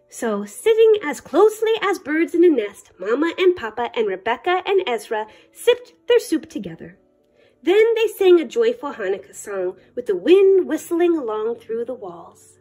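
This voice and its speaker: A woman librarian reading a children's picture book aloud in an expressive, sing-song way. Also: sits high, a little slow, soft background music. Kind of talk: storybook read-aloud.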